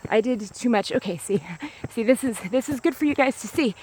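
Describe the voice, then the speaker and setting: A woman's voice: fairly high pitch, fairly quick, a little mellow, slight background noise. A woman talking to a small camera outdoors on a grassy hill, in a rambling casual monologue full of "like" and restarts. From United States. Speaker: vlogger.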